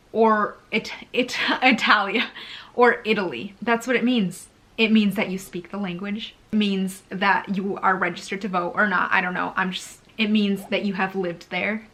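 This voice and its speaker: A young woman from Brazil talks straight to camera in a relaxed sit-down vlog. Her voice is bright and ringing, and her delivery is chatty and animated, often broken up by quick laughs. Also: mid-range voice. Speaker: YouTuber.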